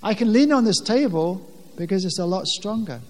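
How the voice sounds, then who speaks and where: A man preaching a sermon from a pulpit, speaking earnestly in plain words, often restarting his sentences and rising loudly when he quotes scripture. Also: high-pitched, expressive, normal speed, in a large hall. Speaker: pastor. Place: church with a pulpit, long reverb.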